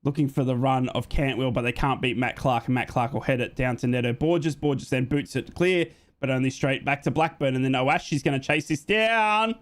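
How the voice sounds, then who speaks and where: Chatting with his audience, a young Australian man narrates football play by play as a watchalong fan commentator. His delivery jumps higher and speeds up whenever he gets excited.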